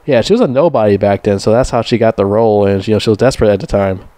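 A man's voice: lowish voice, racing, mellow, no room sound. A young man ranting casually and profanely as a movie reviewer, rambling and mocking. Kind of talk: casual rant.

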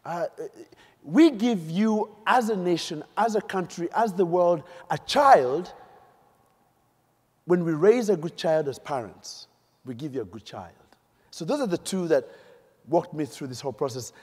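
A middle-aged man from Uganda, giving an animated, storytelling keynote speech on a stage mic in a large conference hall and quizzing the audience. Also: a little high, unhurried, slightly rough. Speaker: keynote speaker. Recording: echoey hall.

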